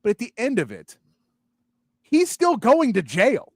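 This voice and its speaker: A male sports talk host chatting casually, animated and mocking, acting out lines as he goes. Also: very high-pitched, measured pace, dry recording, studio quality. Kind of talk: casual chat.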